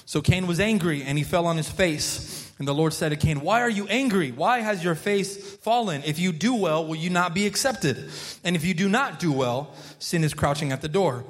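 A man's voice: a little high, expressive, normal speed. A man preaching a sermon as pastor, in a loose, conversational way, often restarting and repeating words and prompting the congregation to respond. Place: church sanctuary. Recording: long hall reverb.

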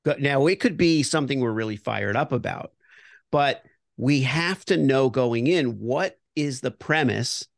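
A man's voice: medium pitch, animated, measured pace, creaky, dry recording, clean studio sound. A middle-aged man co-hosting a podcast, explaining an improv game and repeating words as he thinks. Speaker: podcast co-host. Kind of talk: casual improv coaching.

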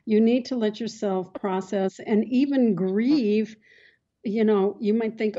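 Mellow psychic radio host, woman. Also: medium pitch, steady tone, slow, muffled recording. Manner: soothing, calls callers honey. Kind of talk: call-in advice show.

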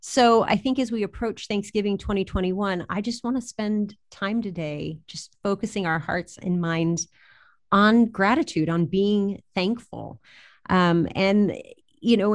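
A woman co-hosting a church podcast, talking earnestly and reflectively about gratitude. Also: medium pitch. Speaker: podcast co-host. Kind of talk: casual devotional talk.

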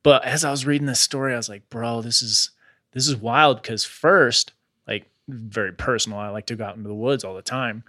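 Bright-voiced man telling a story. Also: mid-range voice, brisk, no room sound, clean studio sound. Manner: relaxed retelling with slangy asides like "bro" and "dude". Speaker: podcast host. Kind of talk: casual storytelling chat.

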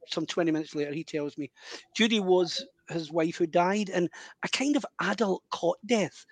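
A middle-aged man, a medium telling an animated personal story in an interview. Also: sits high, no echo. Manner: animated, vivid anecdotal storytelling with self-interruptions. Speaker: spiritual medium guest. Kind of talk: storytelling in conversation.

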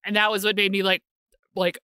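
Brief: woman podcast co-host, bright and crisp, wry rambling chat, dry close mic. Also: mid-range voice, flat delivery, a little fast, dry recording. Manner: rambling, self-interrupting, wry. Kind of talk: casual chat.

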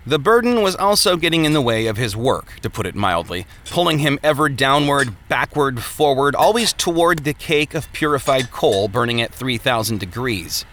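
A man reading an audiobook in a measured, descriptive way. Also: medium pitch, animated, a bit bright, slight background noise. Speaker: narrator. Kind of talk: scripted audiobook narration.

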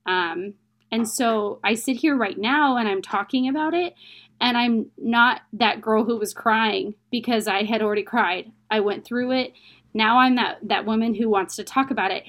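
A woman's voice: fairly high pitch, normal speed, a bit bright. A young adult woman, an interview guest, telling a personal story in a candid, emotional, plain-spoken way.

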